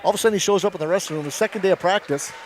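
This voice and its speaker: Racing along in a high voice, this middle-aged man, once a coach, calls a wrestling meet with a folksy mix of play-by-play and rambling stories. He chuckles often, and a little hiss or hum sits under the recording.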